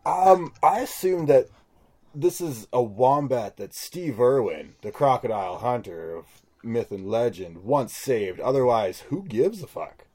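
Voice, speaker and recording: A man's voice: mid-range voice, very animated, unhurried, warm tone. A man co-hosting a podcast, rambling and joking with a lot of swearing. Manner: rambling, profane, jokey. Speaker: podcast co-host. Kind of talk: casual comedic banter.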